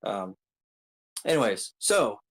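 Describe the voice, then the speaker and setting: A man's voice: fairly low pitch, very animated, slow, fairly bright tone, poor audio. A man casually recapping a story, rambling with many ums and uhs and throwing in joking asides. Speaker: video creator recapping an anime arc.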